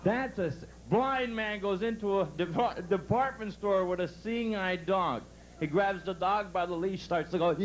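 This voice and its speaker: A man doing a brash, punchy stand-up comedy set at a resort club, telling jokes and bursting into loud outbursts. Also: high voice, slow pace, slight background noise, rough recording. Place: resort club stage before a live audience.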